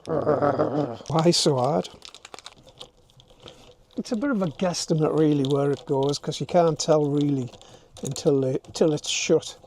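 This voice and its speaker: A man's voice: fairly high pitch, normal speed, mellow, slight background noise. An older man, vlogging casually to a handheld camera as he works inside a camper van, self-mocking and thinking aloud. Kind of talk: casual DIY vlog talk to camera.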